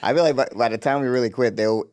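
A man co-hosting a podcast, easygoing and slangy, who breaks into laughter often. His voice sits at an ordinary middle pitch. The talk is loose and conversational. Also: fast talker, a little mellow. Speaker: podcast co-host. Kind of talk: casual recap chat.

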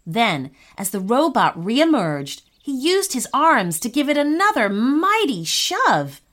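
A woman narrating a children's story in an animated storytelling manner. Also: high voice, slow pace.

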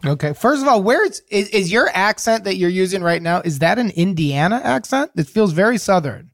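A man's voice: high-pitched, expressive. A man from Chicago co-hosting a comedy advice podcast, chatting casually and laughing often. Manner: laughs often, quick acknowledgments. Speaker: podcast co-host.

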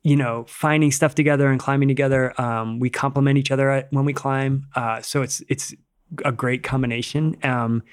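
A man's voice: medium pitch, steady tone, normal speed. A man who is a rock climber and podcast guest, telling stories in loose casual chat, swearing freely, laughing as he goes, and stringing phrases together with "like.". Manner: loose, rambling phrasing full of "like".

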